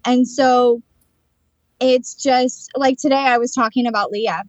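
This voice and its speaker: A woman co-hosting a podcast, telling stories in a chatty, animated way about her work as a psychic and channeler. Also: on the high side, a little slow, no room sound, muffled recording. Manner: chatty storyteller, animated retelling of conversations. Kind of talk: casual chat.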